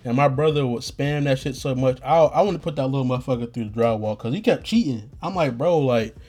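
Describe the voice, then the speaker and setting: Hoarse young man rambling on a podcast. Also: medium pitch, quick pace, a little mellow. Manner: slangy, profane, rambling with restarts. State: getting hoarse. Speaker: podcast host. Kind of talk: rambling casual monologue.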